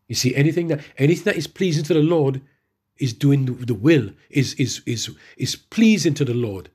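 A man preaching a sermon, reading scripture verses slowly and then preaching with emphatic rises in his voice. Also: mid-range voice, expressive, darkish tone, slightly rough.

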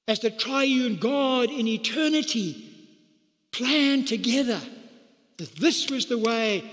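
In a big church hall with long, ringing reverb, a South African pastor delivers an energetic sermon in a high voice. When he quotes lines, he acts them out by leaping up into a higher register.

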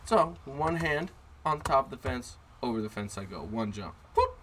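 Male podcast host, bright and punchy, sarcastic profane storyteller, mid-pitched, faint background noise. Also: animated, a little fast. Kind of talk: casual storytelling chat. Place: in a car.

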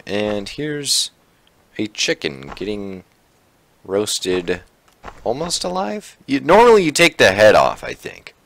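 A man giving excitable commentary while he plays a shooter game, exclaiming at kills and muttering to himself between rounds. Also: lowish voice. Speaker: gaming channel host. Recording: faint gunfire and game sounds behind. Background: faint game gunfire.

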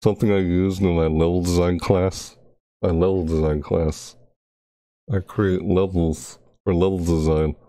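Young guy live streaming, low mellow voice, kinda rambly, talks to himself, yelps now and then. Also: flat delivery, measured pace, dry recording, studio quality. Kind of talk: casual live-stream chatter.

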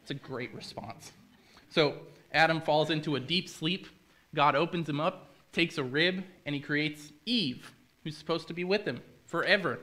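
A man's voice: on the high side, bright, forceful tone. A man preaching a casual, joking sermon in a church, retelling a story with chatty asides to the congregation. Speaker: pastor.

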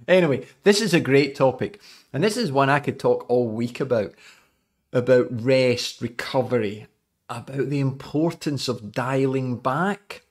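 Scottish male coach in his forties, jokey and chatty, hosting a live podcast. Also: medium pitch. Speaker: cycling coach.

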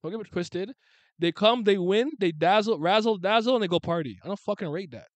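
A man hosting a casual sports chat, blunt and animated, swearing freely and restarting his sentences. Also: sits high, brisk, no room sound.

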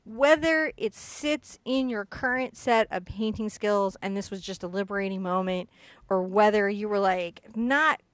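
A woman teaching an acrylic painting lesson, chatty and excitable, often bursting into giggly enthusiasm. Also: medium pitch, measured pace, no room sound. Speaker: art instructor.

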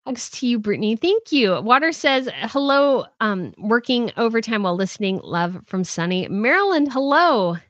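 A woman's voice: on the high side, big pitch swings, moderate pace, hardly any pauses, no room sound, lo-fi sound. Chatty woman host reading chat. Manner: chatty, rambling, reads viewer comments aloud. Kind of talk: casual livestream chat.

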